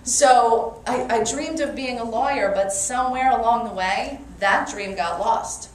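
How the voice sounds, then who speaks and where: A woman with a Brooklyn accent giving a lively motivational talk to a live audience and calling for their answers. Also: a little high, a little slow. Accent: New York (Brooklyn). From Brooklyn, New York. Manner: energetic, playful, calls for audience response. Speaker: motivational speaker. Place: meeting room with an audience. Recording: echoey room from far off, faint noise.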